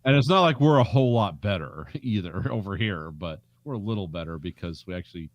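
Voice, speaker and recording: Blunt, lively-voiced male co-host. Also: sits low, a little fast, dry recording. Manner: wry, blunt storytelling with impressions. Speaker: podcast co-host. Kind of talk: casual chat.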